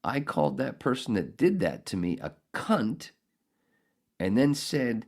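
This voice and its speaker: A man's voice: medium pitch, big pitch swings, a little slow, darkish tone, slightly rough. A man hosting a solo podcast, ranting angrily and sarcastically with heavy profanity. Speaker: podcast host.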